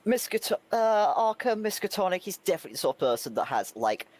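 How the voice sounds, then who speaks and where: Man with a very lively, swooping voice. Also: sits high, quick pace. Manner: joking banter. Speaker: player. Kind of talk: casual chat at a game table.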